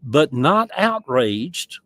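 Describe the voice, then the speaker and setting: A man's voice: medium pitch, sing-song, drawn-out words, a bit bright, dry recording. A man with a Southern US accent chatting casually on a livestream from outdoors, rambling in a folksy way with chuckling asides. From American South. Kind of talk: casual chat. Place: outdoors in a yard.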